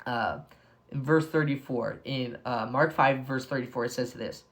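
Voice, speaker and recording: A young man giving a casual Bible devotional. He is excitable, says "like" constantly, and breaks into bursts of enthusiasm. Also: medium pitch, normal speed. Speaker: devotional speaker.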